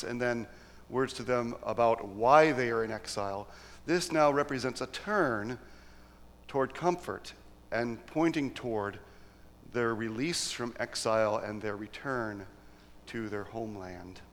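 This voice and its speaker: A male preacher who speaks slowly, reading scripture solemnly and pausing over his thoughts. His mid-range voice rings out with the long reverb of a church sanctuary. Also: medium pitch. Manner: unhurried, halting with restarts, solemn reading. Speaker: pastor.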